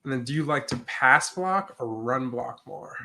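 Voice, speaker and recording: A man's voice: mid-range voice, expressive, moderate pace, gravelly, pushed and bright. A man hosting a sports interview, asking friendly, conversational questions.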